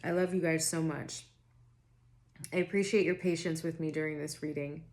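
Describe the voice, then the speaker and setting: A young woman doing a casual spiritual reading to camera, rambling and self-interrupting, her throat raspy and tired. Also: low-pitched, fairly even intonation, moderate pace, darkish tone. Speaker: tarot reader.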